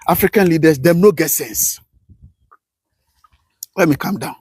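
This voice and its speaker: A man hosting a live political commentary stream, ranting passionately with rhetorical questions, swinging between shouts and low mutters. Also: measured pace, breathy edge, no room sound.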